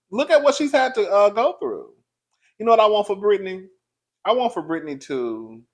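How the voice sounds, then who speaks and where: A man's voice: mid-range voice, a little mellow. A man giving sassy, chatty celebrity gossip commentary, laughing often and calling the listener "girl".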